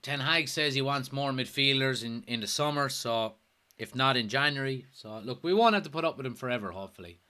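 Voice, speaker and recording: Bright-voiced Irish man hosting a stream. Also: medium pitch, fairly quick. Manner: jokey, swears, reads viewer comments aloud. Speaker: host. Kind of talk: casual livestream watchalong chat.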